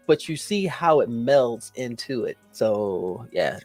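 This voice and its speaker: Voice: mid-range voice, very animated, slow pace, a little mellow, dry recording. Laid-back podcast co-host, mid-range voice, dry recording over faint music. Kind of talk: casual chat.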